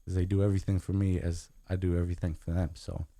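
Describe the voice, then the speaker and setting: An earnest young man from Guatemala and the United States, speaking as a podcast guest. His voice sits very low and sounds dark and mellow, and the sound is close and dry. He keeps dropping "man" into his sentences. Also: level tone, fast talker, no echo. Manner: earnest, repeats "man" often. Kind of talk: casual podcast chat.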